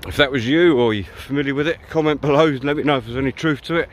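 Chatty, swearing hiker. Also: male voice, mid-range voice, quick pace, slight background noise. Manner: chatty, blunt, swears freely. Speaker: hiking vlogger. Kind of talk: casual walking vlog monologue. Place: outdoors on a riverside countryside path.

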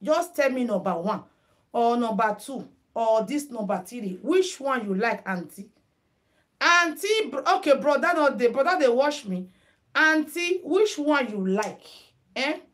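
A woman's voice: fairly high pitch, animated, unhurried, a bit bright. A Nigerian woman hosting a live headwrap tutorial stream, chatting casually with viewers and mixing in Pidgin. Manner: chatty, mixes Pidgin, greets viewers by name. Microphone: phone.

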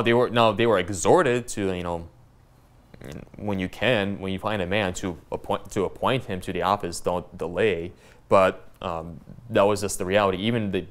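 A man teaching a Bible study to a small church group, reading scripture aloud and speaking in a halting way with many fillers and restarts. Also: sits low.

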